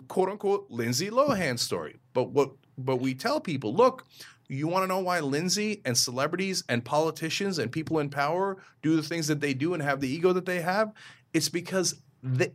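An animated man speaks as a guest in a podcast interview. His pitch swings widely as he argues a point, and his delivery is emphatic and quick. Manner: emphatic, fast, breaks into mimicry and laughs. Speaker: interview guest, media founder.

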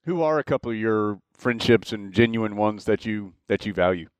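A man hosting a show, putting slow, carefully worded interview questions to a guest. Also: lowish voice, animated, clear, resonant tone, no room sound. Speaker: show host.

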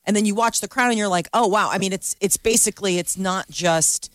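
A woman's voice: mid-range voice, a little fast, dry recording. A woman co-hosting a radio morning show, chatting about celebrity news and acting out quotes. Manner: chatty, animated, acts out quotes. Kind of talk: casual entertainment chat.

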